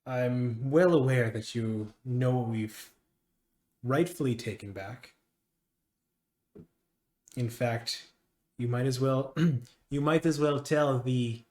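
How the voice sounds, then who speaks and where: A man's voice: mid-range voice, a little mellow, reverberant, close to an everyday voice. A man playing a smug, scheming male mage official who talks down to others. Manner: condescending, slow and menacing.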